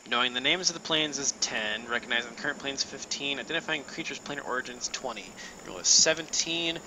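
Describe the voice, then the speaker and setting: A man is the game master of a tabletop game over a voice call, walking the players through the rules step by step with plenty of fillers. His voice sits in a middle pitch. A steady noise runs under the line. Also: fairly quick. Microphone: online voice call.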